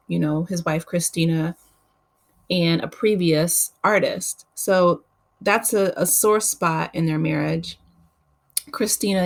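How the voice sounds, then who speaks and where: A woman with a somewhat low voice talks through a reality show episode in a loose, conversational way. She is opinionated and chatty, and she peppers her talk with fillers like "you know.". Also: creaky. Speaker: YouTube reality TV recap host. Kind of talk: casual recap commentary.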